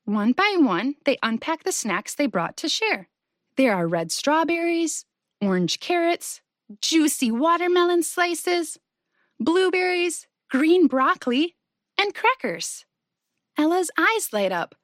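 A woman reading a children's story aloud in a gentle, sing-song way, speaking to young listeners. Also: high-pitched, sing-song, slow, dry recording, clean studio sound.

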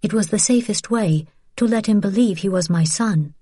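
A woman's voice: mid-range voice, moderate pace, dark tone, slightly rough, no room sound, clean studio sound, pitched above the performer's own voice, lightly acted. A woman reading the part of a young mother who speaks earnestly and pleads with feeling. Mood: earnest pleading.

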